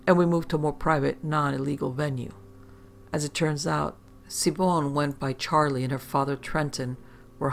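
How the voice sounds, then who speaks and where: Gravelly-voiced male horror storyteller. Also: on the high side, fairly bright tone, a little hiss or hum. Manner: wry, conversational, profane asides. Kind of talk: first-person scripted horror narration.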